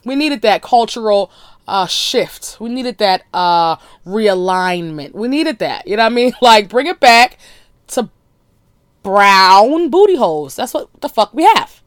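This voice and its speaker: A woman hosting a podcast, talking in a blunt, crude, animated solo monologue with laughing asides. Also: medium pitch, measured pace, no room sound, clean studio sound. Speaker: podcast host.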